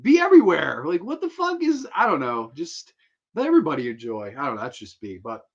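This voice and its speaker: A man chats casually on his own livestream, easily excited and quick to laugh. His talk is loose and full of swearing, pitched a little high for a man. The recording sounds slightly muffled and lo-fi. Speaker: livestream host.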